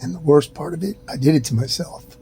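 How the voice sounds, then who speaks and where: A man's voice: a little fast, faint music behind, rough recording. A middle-aged man filming a casual update from his hospital room while ill, sighing often and sometimes dropping to a whisper. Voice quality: soft, drifting into whispers. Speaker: vlogger. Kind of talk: casual self-filmed update. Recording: steady rumbling background noise. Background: low rumble.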